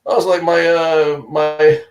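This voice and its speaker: Danish man telling lively chat stories. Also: a little high, measured pace, over music, rough recording. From Denmark. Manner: chatty storyteller, laughs often, acts out voices. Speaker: co-host of live chat. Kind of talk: casual live-stream chat.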